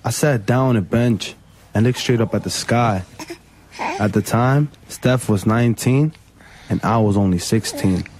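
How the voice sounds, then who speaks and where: A young man narrating his own story in a quiet, plain, reflective way. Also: medium pitch, a little slow, a little hiss or hum. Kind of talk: scripted documentary narration.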